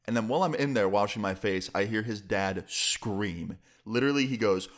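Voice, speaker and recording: A man's voice: on the low side, normal speed. A young adult man casually telling a personal story, loose and filler-heavy, with some swearing. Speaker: storyteller vlogger.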